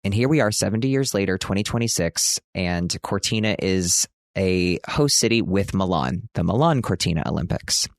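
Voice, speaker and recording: A man's voice: expressive, moderate pace, creaky, no echo. Chatty man with a dry close sound. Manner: chatty, dramatic, self-mocking, bursts into a booming announcer voice. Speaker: podcast host. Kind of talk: casual podcast chat. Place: hotel room.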